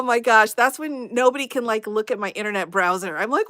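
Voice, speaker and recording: A woman chats casually on her livestream, laughing constantly and reacting to the chat. Her voice swoops up and down with lively, animated pitch. The sound is close and dry. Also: moderate pace, pauses often, no echo. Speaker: livestream host.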